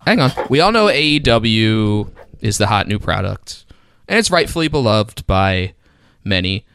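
A man co-hosting a podcast, chatting casually and jumping in with quick remarks and corrections. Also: fairly low pitch, big pitch swings, a bit bright, smooth, no echo. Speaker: podcast co-host. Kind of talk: casual chat.

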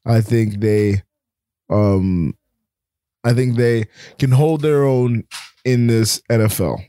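A man's voice: medium pitch, takes it slowly, warm tone, smooth, dry recording. Man teasing his co-host about sports picks. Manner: argumentative, teasing, sighing. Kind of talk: casual sports podcast chat.

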